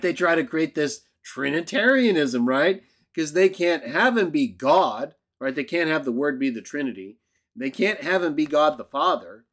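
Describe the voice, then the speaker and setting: A man's voice: a little high, a bit bright. A man teaching a Bible lesson in a video, argumentative and emphatic, who keeps checking in with "right?". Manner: emphatic outbursts. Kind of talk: lecture-style video commentary.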